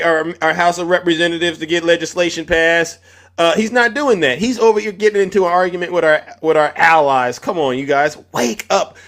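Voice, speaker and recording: A man's voice: fairly high pitch, a bit bright. A man hosting a political live stream, combative and mocking, often raising his voice at chat viewers.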